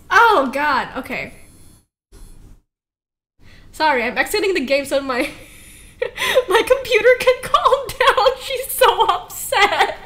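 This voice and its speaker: A woman's voice: very high-pitched, expressive, takes it slowly, pauses often, fairly bright tone. A woman streaming a game, chatting casually in a rambling, giggly way and laughing often. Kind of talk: casual live-stream chat while playing.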